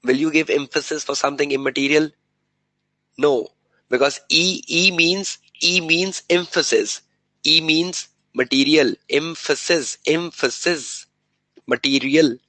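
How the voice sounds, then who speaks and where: A man's voice: on the high side, fairly even intonation, measured pace, pushed and bright, dry recording, poor audio. A man giving a live exam revision lecture, quizzing students with rhetorical questions and repeating key words for emphasis.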